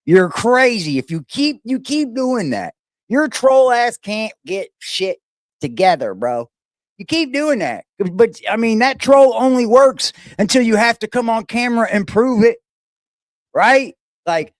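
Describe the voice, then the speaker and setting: A man's voice: high voice, sing-song, unhurried, no room sound, studio quality. A middle-aged man hosting a casual, profane livestream, brash and mocking, laughing often. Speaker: livestream host reacting to videos.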